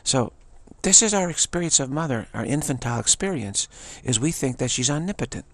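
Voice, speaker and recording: A man giving a rambling spiritual talk, digressive and halting, restarting his sentences often. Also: mid-range voice, expressive. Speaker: spiritual teacher. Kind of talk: rambling spoken monologue.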